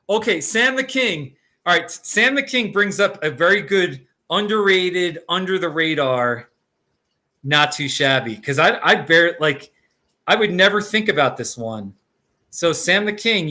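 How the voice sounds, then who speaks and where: A man with a fairly high, sharp-toned voice hosts a live stream of casual chat. He rambles and jokes, laughs often, and keeps restarting his sentences.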